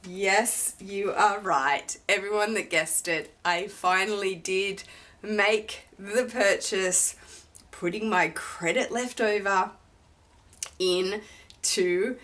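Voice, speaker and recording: A woman's voice: mid-range voice, slow pace, a bit bright. A woman vlogger unboxing a luxury handbag, talking in a gushing, effusive way about every detail.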